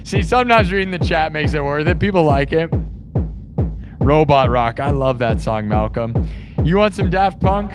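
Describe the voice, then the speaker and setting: A man's voice: a little high, animated, moderate pace, over loud music. A man hosting a livestream, chatting loosely with his viewers and reading their comments aloud, full of "like" and "dude". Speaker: livestream host of an improvised music show. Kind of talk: casual chat reading live comments.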